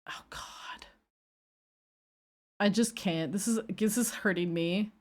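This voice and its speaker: A woman streaming casually, reacting to her old clips in an animated, self-mocking way. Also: mid-range voice, moderate pace. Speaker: VTuber streamer.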